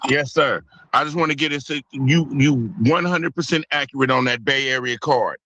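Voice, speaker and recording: A male caller whose voice has a bright, forceful edge and a dry, close sound. He talks with fervor and keeps repeating his rallying lines as he speaks. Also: medium pitch, moderate pace, no echo. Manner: fervent, repetitive rallying talk. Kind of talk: casual call-in chat.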